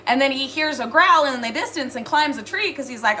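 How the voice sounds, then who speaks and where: High bright-voiced woman doing a rambly earnest spiritual reading, lots of "like"s. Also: expressive, brisk, slight background noise. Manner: earnest, rambling, many "like" fillers. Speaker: spiritual reader. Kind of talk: casual spiritual monologue to viewers.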